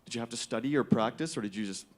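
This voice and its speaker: Halting fan asking a question. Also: male voice, medium pitch. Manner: halting, many restarts and fillers, admiring. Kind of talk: audience question at a panel. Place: convention hall.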